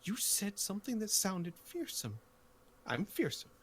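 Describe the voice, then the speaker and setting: A man voicing a stubborn, proud young girl pilot who argues in an insistent, hushed way. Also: high-pitched, very animated, a little slow, a little hiss or hum, voice pushed up.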